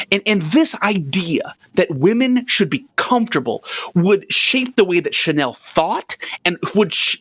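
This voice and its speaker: Animated, profane male podcast host. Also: sits high. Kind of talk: casual comedic history chat.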